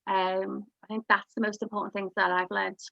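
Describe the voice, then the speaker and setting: A woman's voice: medium pitch, flat delivery, moderate pace, creaky. A woman counsellor speaking reflectively on a video call, chatty with many fillers and restarts. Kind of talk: casual group discussion on a video call. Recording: dry, muffled video call audio.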